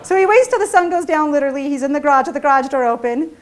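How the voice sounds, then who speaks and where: A middle-aged businesswoman telling a story at a seminar in a high, quick voice. She's chatty and self-mocking, laughing at her own mistakes and checking in with the audience as she goes. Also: expressive. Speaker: entrepreneur and CEO giving a seminar talk. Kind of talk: storytelling keynote talk.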